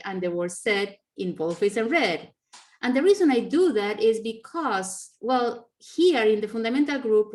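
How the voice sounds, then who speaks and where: A woman's voice: mid-range voice, darkish tone. Woman giving a chatty online math lecture. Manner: conversational, self-correcting, many "you know" fillers. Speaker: mathematics lecturer. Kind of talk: online conference math talk.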